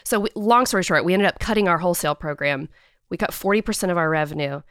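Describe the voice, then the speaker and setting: Chatty, animated woman telling a story. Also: on the low side, fast talker, clean tone, no echo, clean studio sound. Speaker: guest, company CEO. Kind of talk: casual storytelling in a podcast interview.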